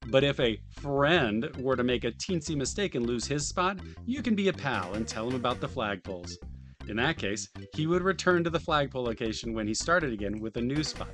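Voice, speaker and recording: Male streamer, mid pitch, hamming up a game manual and muttering dry asides, music bed behind. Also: animated, a little fast, a bit bright. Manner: reads in a mock-enthusiastic voice, then drops to dry muttered asides. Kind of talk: casual live-stream reading with asides.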